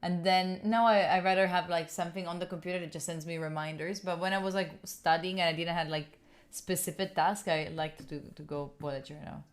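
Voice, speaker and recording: A woman's voice: on the low side, fairly even intonation, fairly quick. A young woman from Italy hosting a study livestream at home, chatting casually and giggling as she answers viewers' questions. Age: young adult. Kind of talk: casual chat with live viewers. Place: room at home.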